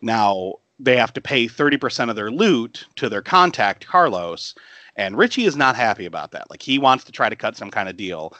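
A man's voice: medium pitch, lively intonation, normal speed, bright, forceful tone, no echo. A man hosting a podcast who retells a film in casual chat, laughing often and swearing freely. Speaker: podcast host.

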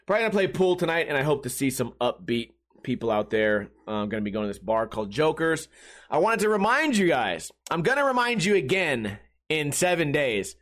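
A young man hosts a podcast with a high, slightly bright voice, delivering a rambling monologue that's casual, jokey and profane.

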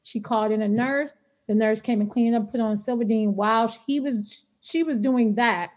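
Animated woman telling a story. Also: fairly high pitch, normal speed. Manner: animated storyteller acting out quotes. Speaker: podcast guest. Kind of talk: casual chat.

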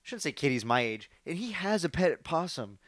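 A man's voice: fairly high pitch, sing-song, normal speed, a bit bright, no room sound. A young man co-hosting a casual podcast in his garage, easygoing, laughing often and leaning on fillers like "like". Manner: laid-back, laughs often, filler-heavy. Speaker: podcast co-host. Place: home garage.

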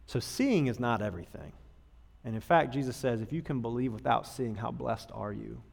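A man's voice: mid-range voice, normal speed, gravelly. A man delivering a sermon as a pastor, conversational and humorous, acting out the people he quotes. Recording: long hall reverb.

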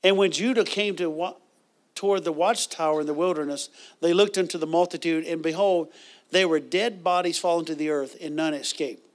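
A man preaching a sermon in a conversational way, with bursts of loud praise and chuckles as he tells stories. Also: a little high, fairly quick. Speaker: pastor.

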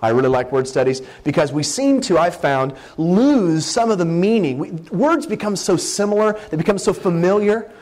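A man preaching a sermon as a Bible word study, talking conversationally and slowing down to stress key words. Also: high voice, expressive, darkish tone.

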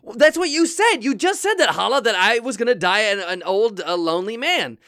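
A man hosts an improvised comedy podcast, stammering and flustered in a mock-earnest way. His voice sits a little high. The sound is close and dry. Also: lively intonation, a little fast, bright, forceful tone, dry recording. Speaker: host.

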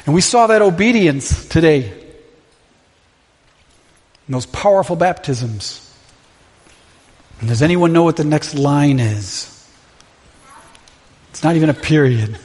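Male pastor, high-pitched, impassioned sermon delivery, long hall reverb. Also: lively intonation, measured pace, pauses often, a little mellow. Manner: impassioned, full of rhetorical questions. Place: church sanctuary.

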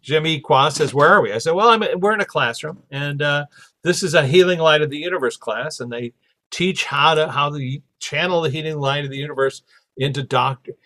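Man, podcast host, casual storytelling, animated, slightly high voice. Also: brisk. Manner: animated, acts out quoted voices.

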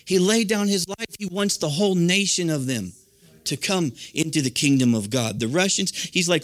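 A man's voice: a little high, normal speed, dry recording, clean studio sound. An American man preaching a sermon in an earnest, conversational way, full of "you know" and restarts. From United States. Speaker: pastor.

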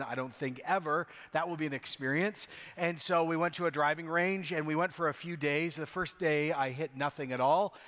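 A man from Canada with a slightly higher-pitched voice, preaching with a wry, self-mocking storyteller's touch. His conversational sermon carries a long reverb that lingers through a large church hall. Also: a bit bright. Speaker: co-lead pastor. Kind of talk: sermon with humorous personal story.

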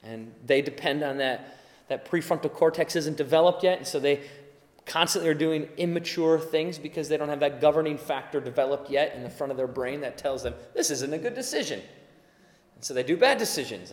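Higher-voiced man preaching in a hall. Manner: conversational, acts out quoted voices. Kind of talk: sermon.

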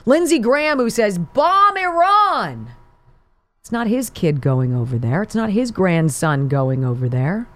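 Brief: woman in her 40s, talk radio host, sarcastic and combative, lively swooping pitch, low-ish voice. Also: normal speed, hardly any pauses. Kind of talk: political talk radio monologue.

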